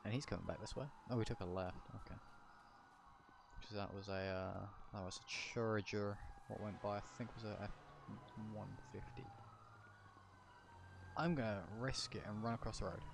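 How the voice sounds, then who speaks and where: A man's voice: lowish voice, moderate pace, gravelly, long pauses, background noise. A man casually commenting while streaming a game, chatty and joking as he talks to his chat.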